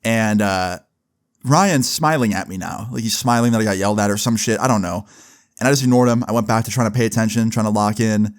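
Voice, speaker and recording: A man's voice: fairly low pitch, a little fast. A young man casually telling a personal story for his vlog, loose and chatty with lots of filler words and swearing. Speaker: storyteller vlogger.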